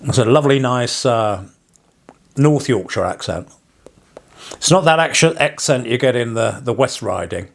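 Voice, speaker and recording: A man's voice: mid-range voice, lively intonation, normal speed, creaky, long pauses. A man from England, a parson vlogging, talking in a wry, digressive way with chuckling asides. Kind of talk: casual rambling vlog monologue.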